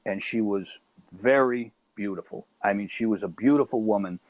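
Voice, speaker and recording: A middle-aged man with a Chicago accent, a stand-up comedian telling a lively anecdote as a guest. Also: on the low side, moderate pace, dry recording. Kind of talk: storytelling in casual chat.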